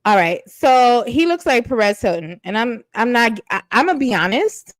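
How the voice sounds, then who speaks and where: Woman commentator, sassy and blunt, fairly high voice, dry close sound. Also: very animated, moderate pace, no room sound, low-quality recording. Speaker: reality TV commentator. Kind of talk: casual reaction commentary.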